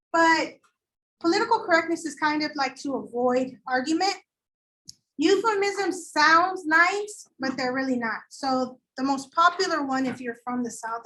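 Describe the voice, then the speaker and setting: A woman teaching a high school English lecture, chatty and animated, acting out quoted voices as she explains. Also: poor audio. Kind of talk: classroom lecture.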